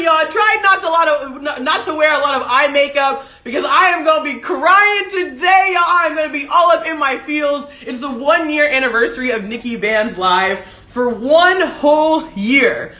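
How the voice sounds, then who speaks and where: A woman's voice: high voice, lively intonation, normal speed, few pauses, sharp tone, reverberant. A woman hosting her own livestream, talking to viewers in an emotional, tearful, effusive way. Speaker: livestream show host. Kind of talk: solo livestream talk to viewers. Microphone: desk setup with ring light.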